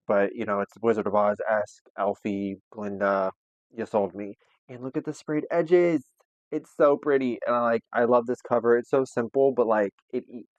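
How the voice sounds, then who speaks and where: A man's voice: mid-range voice, no echo, highs cut off. A young man hosting a casual book haul vlog, chatty and playful with lots of slang, a little out of breath. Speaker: booktube host.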